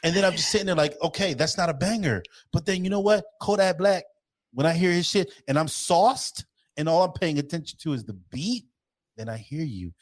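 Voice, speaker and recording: A man co-hosting a podcast, ranting in profane, animated casual banter. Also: on the high side, a little fast. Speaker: podcast co-host.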